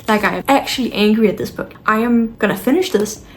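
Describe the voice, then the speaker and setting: A woman's voice: on the high side, fast, slight background noise. A woman book vlogger talking casually to camera at home, frustrated, blunt and swearing as she rants. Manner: blunt and exasperated, with sighs. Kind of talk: casual vlog talk to camera.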